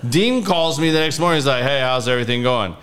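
This podcast guest speaks quickly in an animated, mid-range, slightly bright voice. Chatting casually, he rambles through a long story packed with fillers, performing other people's lines as he goes.

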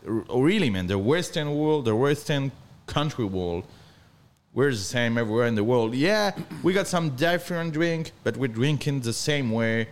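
A man from northern France with a French accent, talking as a guest in halting English full of restarts. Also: medium pitch, expressive. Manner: halting non-native English, frequent restarts, earnest. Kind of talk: casual chat.

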